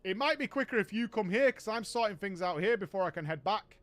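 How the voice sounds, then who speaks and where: A man's voice: high-pitched, animated, fast talker, a bit bright. A man voicing a clueless, pleading young male gamer who keeps saying mate. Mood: oblivious. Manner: pleading, says mate constantly.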